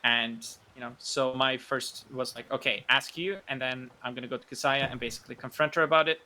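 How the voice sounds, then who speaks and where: Man, bright forceful voice, halting in-character role-play talk. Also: mid-range voice, steady tone. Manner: hesitant, many fillers and restarts.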